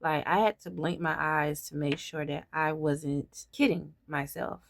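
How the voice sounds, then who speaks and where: A woman beauty vlogger talking to camera in a halting personal monologue, often repeating herself and trailing off. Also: low-pitched, fairly even intonation, vocal fry, no echo.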